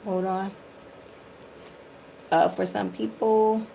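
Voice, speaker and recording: A woman's voice: medium pitch, flat delivery, slow pace, creaky, warm tone, slight background noise, low-quality recording. A middle-aged woman from the Detroit area giving a live tarot reading, chatting and rambling straight to her viewers. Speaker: tarot reader.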